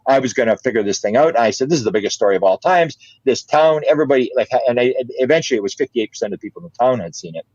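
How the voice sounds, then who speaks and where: Older man telling an animated story. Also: medium pitch, racing, hardly any pauses, no room sound, muffled recording. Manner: animated, repeats words, laughs often. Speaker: interview guest. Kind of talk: casual storytelling.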